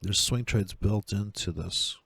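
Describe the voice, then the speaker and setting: Gravelly low-voiced man ranting about trades. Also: a little slow, a bit bright, no echo. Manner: profane, sarcastic ranting. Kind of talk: screen-share trading commentary.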